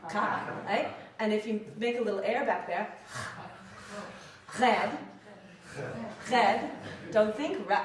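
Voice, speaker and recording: A woman, an acting professor and dialect coach, giving an animated lecture and demonstrating sounds aloud. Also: on the high side, distant mic. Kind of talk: lecture talk. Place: lecture room, indoors. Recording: echoey room, picked up from afar.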